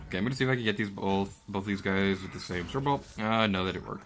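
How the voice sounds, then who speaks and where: A man's voice: lowish voice, rapid-fire, gravelly, hardly any pauses, a bit bright. A young man from Florida hosting a let's play, rambling through game commentary and yelping and laughing at the action.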